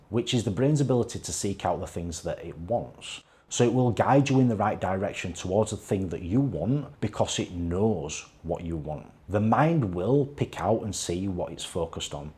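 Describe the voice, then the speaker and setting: Male vlogger, fitness coach, earnest motivational delivery, lowish mellow voice. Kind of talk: motivational talking-to-camera vlog.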